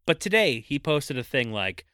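A man's voice: mid-range voice, sing-song, moderate pace, bright, forceful tone, clean tone, no echo, clean studio sound. A man co-hosting a podcast in casual chat, playful as he reads trivia aloud. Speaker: podcast co-host.

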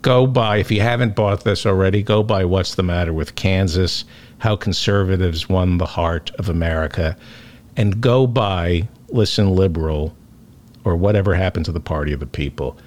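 A man's voice: normal speed, a little mellow. A man hosting a podcast in casual chat, joking and teasing his guests. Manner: teasing, joking, swings pitch widely. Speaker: podcast host.

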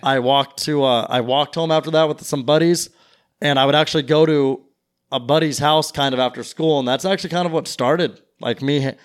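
A man's voice: fairly high pitch, a little fast. A young man telling a long rambling story in casual chat, acting out what people said. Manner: rambling, quotes people in their voices. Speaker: podcast guest.

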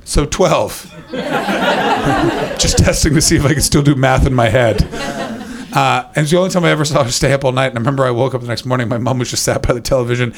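A man's voice: mid-range voice, fairly quick, a crowd in the background. A man in his thirties doing a stand-up set at a comedy venue, rambling through anecdotes and laughing at his own jokes. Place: comedy venue with live audience.

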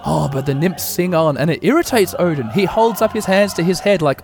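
A man hosting a podcast, giving an irreverent, profane, enthusiastic play-by-play of an opera, his voice a bit hoarse. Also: fairly high pitch, lively intonation, fairly quick, a little mellow. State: hoarse, recovering throat. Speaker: podcast host. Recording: opera music playing behind.

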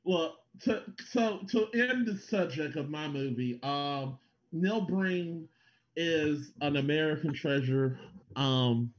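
A man's voice: fairly high pitch, lively intonation, slow, lo-fi sound. A man co-hosting a casual podcast, laughing often and swearing as he jokes with friends. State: numb mouth. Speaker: podcast co-host.

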